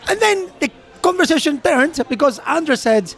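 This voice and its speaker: A high-pitched man recounts a night out in animated casual chat. He acts out every line of dialogue and laughs through his own story. He co-hosts the podcast. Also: moderate pace, creaky, a faint crowd. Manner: animated storyteller acting out quotes, laughs often. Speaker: podcast co-host.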